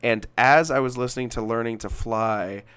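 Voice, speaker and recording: A man's voice: mid-range voice, normal speed, a bit bright, clean tone. A young man from Alabama, a podcast co-host in casual music chat, who rambles, reads passages aloud and restarts his sentences often.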